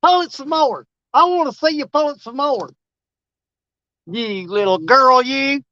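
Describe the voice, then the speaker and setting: At a measured pace, a man with a very high-pitched, pushed and bright voice chats through a casual fishing livestream from a riverbank, heard in dull audio. He rambles to his viewers and addresses the fish teasingly.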